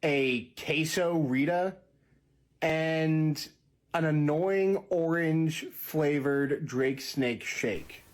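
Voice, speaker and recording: A man's voice: on the high side, extremely slow. A man playing a drive-thru customer who deadpans a string of absurd meme food orders in a comedy clip. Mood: deadpan ordering.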